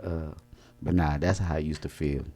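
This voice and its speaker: A man's voice: a bass voice, steady tone, normal speed, mellow. A young man in his twenties chatting casually at home into a desk mic, joking loosely, laughing often, and using a lot of slang. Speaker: vlogger. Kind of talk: casual rambling chat.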